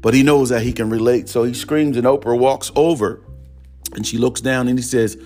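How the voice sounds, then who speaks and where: A man's voice: medium pitch, fairly even intonation, moderate pace, a little mellow, soft background music. A man preaching in a conversational storytelling style, often repeating "he said" as he goes. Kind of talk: storytelling sermon.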